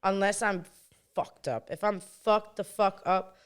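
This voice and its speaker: A young woman, co-hosting a podcast and telling blunt, animated stories full of swearing. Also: mid-range voice, measured pace, clean tone. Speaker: podcast co-host. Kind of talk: casual chat.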